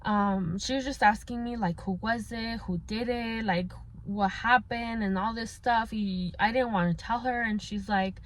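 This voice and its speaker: A woman's voice: medium pitch, steady tone, a little slow. A young woman telling a painful personal story in a casual, candid way, slipping in Spanish words and using many fillers. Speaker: vlogger.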